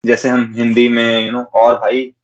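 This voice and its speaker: A man tutoring in a relaxed way, repeating words slowly and mixing in Hindi phrases. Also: mid-range voice, muffled recording. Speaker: French tutor. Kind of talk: casual teaching.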